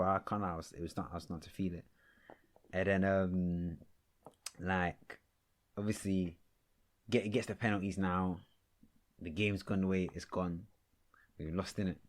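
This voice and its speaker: A man's voice: deep voice, steady tone, measured pace, long pauses. A man co-hosting a podcast, telling stories in laid-back slang-filled casual chat. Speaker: podcast co-host.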